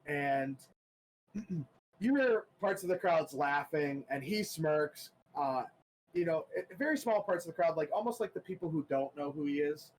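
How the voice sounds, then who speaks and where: A man narrating a tabletop game as game master, halting and full of ums and restarts. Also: fairly high pitch, expressive, a little hiss or hum, low-quality recording.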